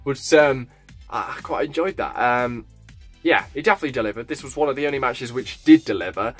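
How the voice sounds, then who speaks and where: Lively, blunt man reviewing wrestling. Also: medium pitch, fairly quick, faint music behind. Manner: blunt and animated, swears freely. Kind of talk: casual review vlog.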